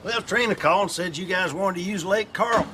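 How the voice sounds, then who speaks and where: A man's voice: high voice, brisk, close to an everyday voice. An actor playing a proud, pushy older father-in-law who brags and wheedles. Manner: bragging, wheedling. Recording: sitcom audio with background noise.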